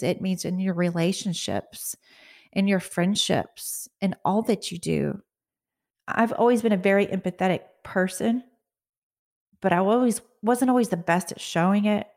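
A middle-aged woman hosting her own podcast, talking in a casual, earnest way and often checking in with "right?". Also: mid-range voice. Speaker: podcast host. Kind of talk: casual motivational talk.

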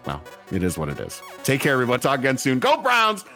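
A man co-hosting a casual sports podcast, joking and excitable. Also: mid-range voice, racing, soft background music. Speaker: podcast co-host.

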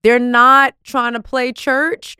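Effusive woman podcast host, crisp dry voice. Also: high voice, slow, dry recording. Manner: effusive, animated storytelling. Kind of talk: casual podcast chat.

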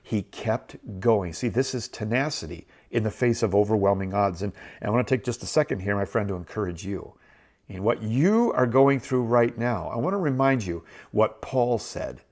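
A man's voice: on the low side, lively intonation, normal speed, a little mellow. A middle-aged man hosting a show, giving an earnest, encouraging Bible teaching and repeating phrases for emphasis. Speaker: host.

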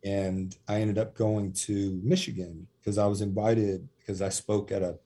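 A man in ministry telling lively stories in a podcast interview, acting out what people said. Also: fairly low pitch, measured pace, slightly rough. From USA. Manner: animated storyteller, acts out quotes with laughs. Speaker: prison minister.

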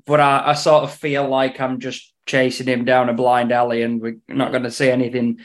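A man's voice: medium pitch, completely flat delivery, normal speed. A man giving racing tips in casual podcast chat, dry in his humour and often repeating words as he thinks aloud. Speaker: racing tipster on betting podcast.

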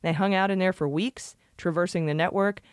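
A woman's voice: on the low side, fairly even intonation, fairly quick, clean tone, dry recording, clean studio sound. A woman hosting a podcast, reading through a report and making casual jokes about it. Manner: jokey, chatty, laughs often. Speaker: podcast host.

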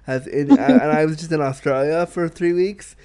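A man's voice: fairly high pitch, brisk, darkish tone, clean tone. A Canadian man hosting a podcast, chatting in an upbeat, rambling way with plenty of fillers. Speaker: podcast host. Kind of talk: casual podcast chat.

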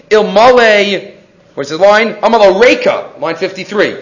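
Animated male Torah teacher in a roomy class. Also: high-pitched, normal speed. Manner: animated, acts out quoted characters. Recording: roomy, dull lo-fi classroom recording.

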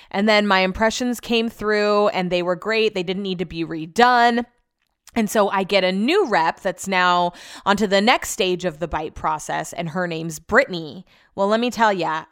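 A woman hosts her podcast in a relaxed, conversational way. She rambles through anecdotes and fills her sentences with "like." Her voice is smooth and clear, sitting at an ordinary middle pitch. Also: dry recording, clean studio sound. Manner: chatty storytelling with frequent "like". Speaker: podcast host. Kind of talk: casual chat.

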